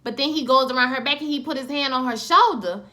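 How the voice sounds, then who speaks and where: Bright-voiced woman recapping a show. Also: high voice, fast talker. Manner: animated, slangy, acts out scenes in quoted voices. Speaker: TV show reviewer. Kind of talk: casual episode recap.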